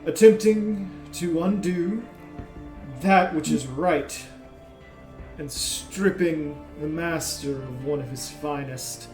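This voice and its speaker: A man voicing a calm, coldly devoted aged archon figure in a tabletop game, speaking in measured proclamations. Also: fairly high pitch, roomy sound, faint music behind, low-quality recording. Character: aged male archon, cold and dragon-devoted.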